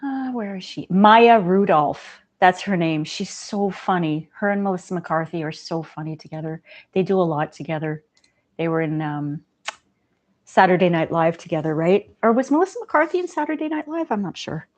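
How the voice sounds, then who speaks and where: A woman hosting a casual livestream, talking in a gentle, chatty way and laughing often. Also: fairly low pitch, expressive, moderate pace. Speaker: livestream host.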